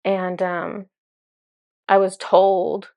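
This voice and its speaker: A woman's voice: medium pitch, monotone, extremely slow, a little mellow, clear, resonant tone, dry recording, clean studio sound. A woman speaking as a spiritual channeler in a casual, enthusiastic monologue full of fillers. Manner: chatty, filler-heavy, enthusiastic.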